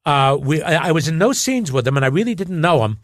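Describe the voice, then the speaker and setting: A man's voice: on the high side, fast, dry recording, clean studio sound. A man being interviewed as a guest, telling anecdotes in casual chat, stammering and restarting as he acts them out. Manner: animated storyteller who stammers and restarts while acting out anecdotes.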